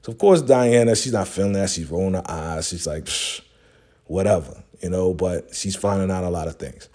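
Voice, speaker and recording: A man hosts a laid-back recap of a TV episode. His voice sits fairly low, with a warm, mellow tone. He talks in a slangy, easygoing way full of fillers. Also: brisk.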